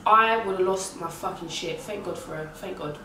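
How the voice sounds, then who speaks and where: A woman's voice: on the low side, moderate pace, slight background noise. Young woman, slangy swearing storyteller, echoey room, voice set back from the mic. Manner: animated, swearing, slangy retelling. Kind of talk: casual storytelling. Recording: echoey room heard from a distance.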